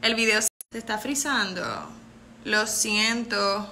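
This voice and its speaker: A woman's voice: medium pitch, sharp tone, a little hiss or hum. A woman, a pageant contestant chatting effusively with viewers on a live stream. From Puerto Rico. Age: 20s. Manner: bubbly and effusive, quick to thank and laugh.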